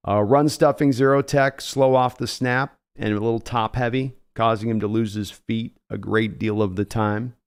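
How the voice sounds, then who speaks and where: A man's voice: mid-range voice, fairly even intonation, normal speed, few pauses, smooth. A man hosting a live draft reaction stream, breaking down prospects analytically in a casual way and reading out viewer comments. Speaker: host.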